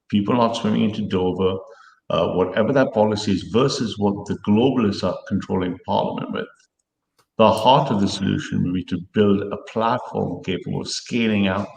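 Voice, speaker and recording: A man's voice: fairly low pitch, vocal fry. A man hosting a livestream chat, rambling, swearing and laughing often, tired. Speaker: livestream host. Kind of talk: casual political chat. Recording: echoey room.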